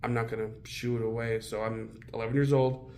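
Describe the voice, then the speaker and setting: A man's voice: fairly low pitch, level tone, brisk, a little mellow, a little hiss or hum. A man as an interview guest, telling his own story bluntly and with heavy swearing. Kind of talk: candid personal storytelling.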